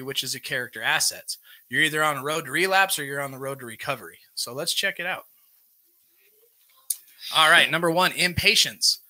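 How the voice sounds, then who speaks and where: A man leads a live recovery group. His voice is bright and forceful, sitting a little high. He speaks plainly, reading each item from a workbook and then explaining it. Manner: plain-spoken, reads defects from a workbook and explains them. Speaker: recovery meeting host. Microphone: live stream microphone.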